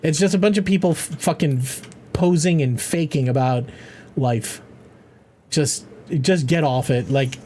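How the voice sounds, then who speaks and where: A man's voice: fairly high pitch, darkish tone. A middle-aged man hosting a casual charity game livestream, talking loosely and profanely, often restarting his sentences. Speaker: charity gaming streamer.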